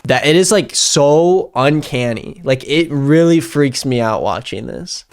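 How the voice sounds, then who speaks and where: A man's voice: a little high, expressive, unhurried, smooth. A young man giving reaction commentary as a YouTube commentator, sarcastic and incredulous.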